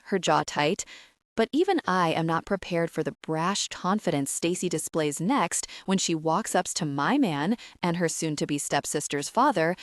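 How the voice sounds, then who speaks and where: A woman's voice: on the low side, dry recording, clean studio sound. A woman narrating a first-person romance audiobook with a wry, sassy storytelling manner.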